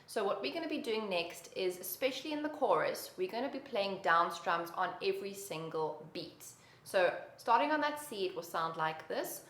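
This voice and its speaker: A woman's voice: mid-range voice, lively intonation, normal speed, hardly any pauses. A woman teaching a beginner guitar lesson with patient, encouraging instruction. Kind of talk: guitar lesson with counting and singing. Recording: roomy echo, loud guitar behind.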